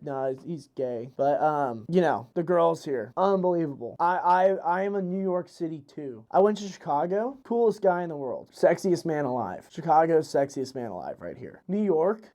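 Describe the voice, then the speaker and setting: A man's voice: on the high side, mellow. Rambling, crude young man host. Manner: rambling, crude, restarts and fillers. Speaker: podcast host. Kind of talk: casual comedic monologue. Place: New York City.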